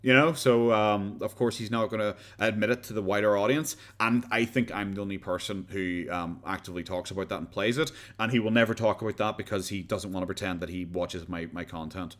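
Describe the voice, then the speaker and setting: Irish male streamer, slightly low-pitched, profane and rambling, casual chat with viewers. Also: fairly even intonation, fairly quick, few pauses, fairly bright tone. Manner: rambling, blunt and profane, with frequent restarts and laughs. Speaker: livestream host.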